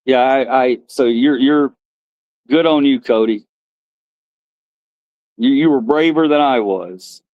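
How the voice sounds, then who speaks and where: A man's voice: medium pitch, takes it slowly, long pauses, dry recording, phone-quality sound. A middle-aged man, chatting casually on a live stream and rambling through old stories while laughing at himself. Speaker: livestream host.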